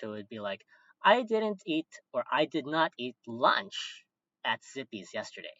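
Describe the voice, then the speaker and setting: A man's voice: mid-range voice, fairly bright tone, no echo, highs cut off. A man teaching Japanese grammar, walking patiently through example sentences word by word, with occasional fillers.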